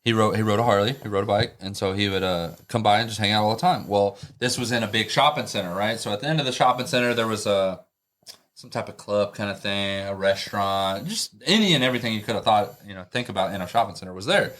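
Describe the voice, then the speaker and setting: A middle-aged man with a somewhat low voice tells rowdy tattoo-shop stories on a podcast. His delivery is loose and rambling, full of cursing and laughter. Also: fast, a bit bright. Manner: rambling, profane, laughs while telling stories. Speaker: podcast co-host, tattoo artist. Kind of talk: casual storytelling chat.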